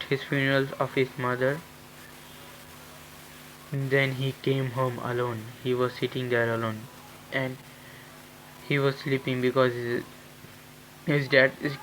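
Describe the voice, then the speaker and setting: A man improvising a fan-fiction story, halting and restarting as he goes. He speaks at a slow pace with a middling pitch. A faint hum of room ambience sits behind him. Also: a bit bright, low-quality recording. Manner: halting, with many restarts and fillers.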